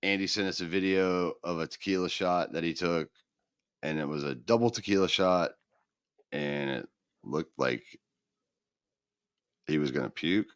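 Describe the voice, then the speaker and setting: A man's voice: deep voice, measured pace, pauses often, smooth, no room sound, studio quality. A middle-aged man co-hosting a podcast, chatting casually and acting out the people in his stories. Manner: animated storyteller, acts out quoted voices. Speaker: podcast co-host. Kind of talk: casual chat.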